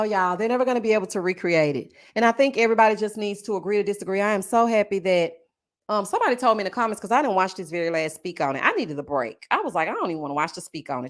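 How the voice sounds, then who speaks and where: A woman chatting casually to her viewers, sassy and animated, calling them honey and child and laughing often. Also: medium pitch. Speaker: YouTube reality TV commentator. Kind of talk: casual live-stream chat reading comments.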